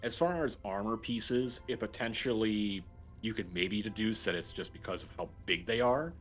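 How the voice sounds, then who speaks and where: A man with a low voice runs a tabletop game, describing the scene in a loose, relaxed way with plenty of fillers. Faint music plays quietly under his voice. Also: moderate pace. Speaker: game master.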